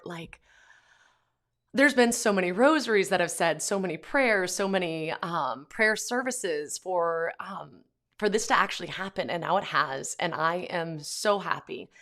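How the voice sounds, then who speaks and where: A Catholic pro-life vlogger and mother talks casually to camera from home, her lowish voice a bit bright. She fills her speech with plenty of "like" and "um."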